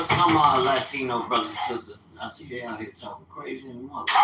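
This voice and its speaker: Animated streetwise man in his fifties. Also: fairly low pitch, reverberant, noisy background. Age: 50s. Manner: animated, streetwise, swearing, loud outbursts. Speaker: livestreamer. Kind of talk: casual storytelling.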